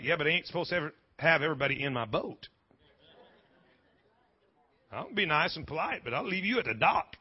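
A man preaches in a church with a husky edge to his voice, his pitch swinging widely as he jokes and stumbles through quick restarts. The live sermon audio sounds dull and lo-fi. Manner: animated, joking preacher with stammering restarts. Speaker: pastor. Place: church sanctuary.

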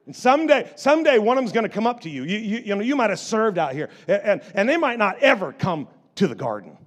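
High-voiced stammering man preaching a sermon. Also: very animated, fast, hardly any pauses. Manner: stammering restarts, swings from quiet storytelling to loud exhortation. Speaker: pastor. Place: church.

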